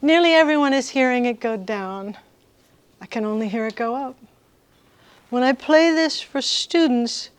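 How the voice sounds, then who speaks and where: A woman giving a workshop lecture to music students, lively and engaging the audience with questions. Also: high voice, moderate pace, clear, resonant tone, no room sound. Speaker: guest lecturer.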